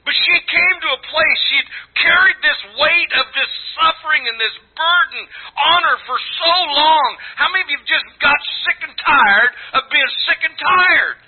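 A man preaching a sermon, telling stories with lively acted-out voices and rising to shouts at peaks. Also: very high-pitched, normal speed, few pauses. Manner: animated storytelling, acts out voices, rising to shouts. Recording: tinny phone-like lo-fi recording.

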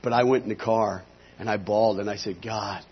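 Husky-voiced preacher man telling his story. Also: lowish voice, steady tone, a little fast, lo-fi sound. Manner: storytelling, acting out dialogue. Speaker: pastor. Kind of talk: testimony sermon.

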